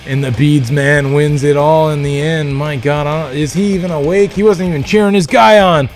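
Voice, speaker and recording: A man hosting a livestream, giving excited, profane play-by-play wrestling commentary with loud calls. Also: fairly high pitch, normal speed, faint music behind. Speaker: livestream host.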